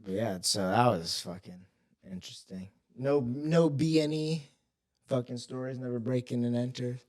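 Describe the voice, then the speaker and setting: A man's voice: medium pitch, normal speed, a little mellow. A young man co-hosting a podcast, telling stories in a loose, profane, rambling way. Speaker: podcast co-host. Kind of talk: casual chat.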